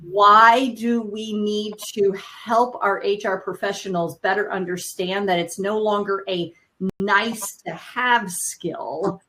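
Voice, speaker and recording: A middle-aged woman hosting a live panel discussion, talking with restarts and quick asides. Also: medium pitch, steady tone, bright, forceful tone, slight background noise, low-quality recording. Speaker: panel host.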